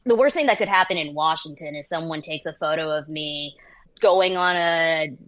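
A woman in her thirties, a journalist guest, telling stories in a lively, casual interview chat. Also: deep voice, normal speed. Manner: lively storyteller, laughs between phrases.

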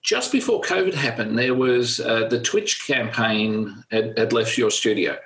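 Chatty Australian host. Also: male voice, medium pitch, animated, a little slow, fairly bright tone, rough recording. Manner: chatty, loose questions with fillers. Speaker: podcast host. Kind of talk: casual conversational interview.

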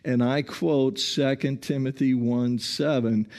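Man, pastor, sermon, slow and deliberate, calm and earnest, small restarts. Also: mid-range voice. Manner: calm, earnest preaching with repeated "listen" and slow emphasis; frequent small restarts and stammers.

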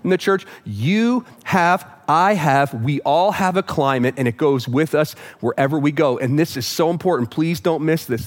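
Male pastor, slightly higher voice, casual sermon delivery, teases the congregation. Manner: conversational, joking with the congregation. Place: church auditorium with live audience.

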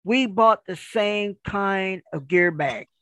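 A man telling a rambling, animated story in casual conversation, acting out the dialogue as he goes. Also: sits high, slow, dry recording. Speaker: guest storyteller.

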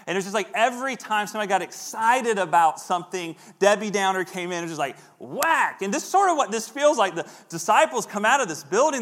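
Conversational preacher, fairly high voice. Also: male voice, expressive, fairly quick, a bit bright. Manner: conversational, acts out voices in quotes. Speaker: pastor. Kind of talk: sermon.

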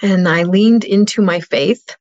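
A woman's voice: mid-range voice, unhurried, a little mellow, lo-fi sound. A middle-aged woman telling a painful personal story as an interview guest, earnest and heartfelt.

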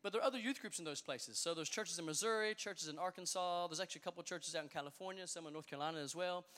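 A man's voice: fairly high pitch, racing, fairly bright tone, smooth, in a large hall. A man leading a youth service, joking and hyping up the crowd in a playful, upbeat way. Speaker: youth pastor. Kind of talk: energetic crowd hype talk. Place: large hall with a live youth audience.

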